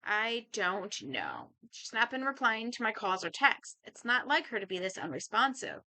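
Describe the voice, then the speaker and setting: A woman's voice: fairly high pitch, big pitch swings, normal speed, pushed and bright, exaggerated voice. A woman voicing a polite, anxious young husband who speaks formally and apologetically. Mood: worried.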